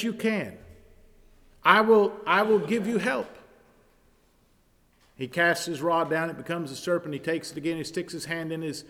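High-voiced preacher in a reverberant hall. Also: male voice. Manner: reads scripture aloud in King James wording, then explains it; rises to loud, emphatic preaching. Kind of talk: sermon.

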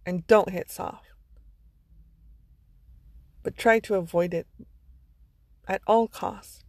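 A woman's voice: mid-range voice, takes it slowly, no room sound. A woman vlogger giving a motivational monologue, earnest and blunt, with some swearing. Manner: earnest, blunt, sprinkled with profanity.

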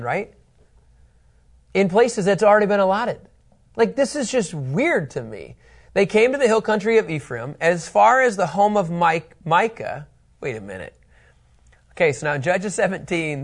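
A middle-aged man teaching a Bible study lesson in a conversational, joking way. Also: sits high. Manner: conversational, animated, jokey.

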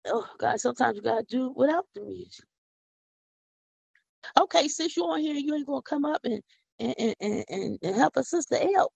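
Husky, gravelly woman preaching with fervor. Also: high voice, expressive, moderate pace, long pauses, a little mellow, dry recording. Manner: fervent, folksy, repeats words for emphasis. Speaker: podcast host. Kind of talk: preaching devotional talk. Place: home.

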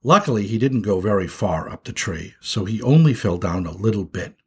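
A man narrating a children's story with an expressive, animated reading. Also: fairly low pitch, fairly quick, breathy edge.

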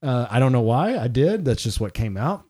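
A young man co-hosting a podcast spins a long, wandering story in easygoing chat. His voice sits at an ordinary middle pitch, and he breaks into laughter between phrases. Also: big pitch swings, moderate pace, warm tone. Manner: rambling anecdote teller, laughs mid-sentence. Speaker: podcast co-host. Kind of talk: casual chat.

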